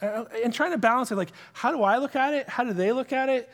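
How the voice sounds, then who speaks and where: A man with a notably high voice teaches scripture in a lively, conversational style. He keeps asking his listeners questions. His voice rings out with the long reverb of a large hall. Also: fast. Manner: animated, full of rhetorical questions. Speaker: Bible teacher.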